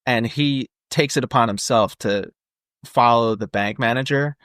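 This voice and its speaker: A man's voice: medium pitch, a little slow, a bit bright, clean tone, no room sound. Man, casual podcast co-host, rambling, filler-heavy, dry close mic. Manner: rambling, lots of fillers and jokey asides. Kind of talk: casual movie-discussion chat.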